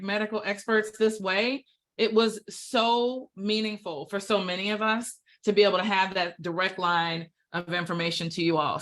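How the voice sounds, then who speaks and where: A woman's voice: mid-range voice, a bit bright. A woman presenting at a staff town hall over a video call, heartfelt and chatty with plenty of fillers.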